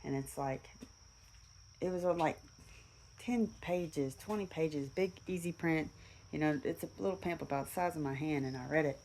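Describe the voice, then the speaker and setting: A woman with a low, deep voice tells a personal story in a casual, rambling way. She backs up and restarts her sentences often and fills the gaps with fillers. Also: normal speed, a little mellow, a little hiss or hum.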